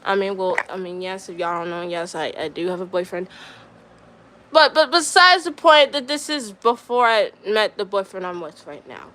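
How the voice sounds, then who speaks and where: A woman's voice: mid-range voice, animated, moderate pace, fairly bright tone. A young woman streamer telling a story in casual chat, rambling with lots of fillers and getting riled up.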